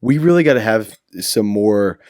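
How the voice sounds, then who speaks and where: A man's voice: lowish voice, animated, normal speed, a little mellow, dry recording, clean studio sound. A man with a South Jersey accent co-hosting a comedy podcast, wisecracking and saying dude a lot. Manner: wisecracking, calls people dude. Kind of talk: casual podcast banter.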